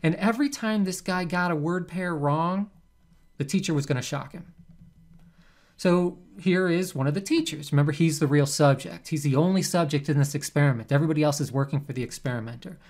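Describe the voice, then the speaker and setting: A man, a psychology professor, giving a recorded lecture in a conversational, animated way. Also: fairly high pitch, a little fast. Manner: conversational, animated, acts out quoted subjects.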